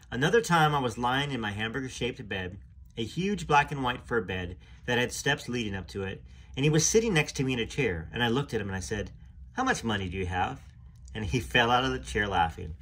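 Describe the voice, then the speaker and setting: A man reading a memoir aloud in an earnest, emotional way, pausing now and then to add his own comments. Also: fairly low pitch, a bit bright, slightly rough. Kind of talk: reading aloud with spoken asides.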